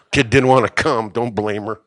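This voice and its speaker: A middle-aged man preaching a sermon in a church, moving from quiet asides to shouting and joking with the congregation. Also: lowish voice. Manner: jokes with the congregation. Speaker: pastor. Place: church sanctuary.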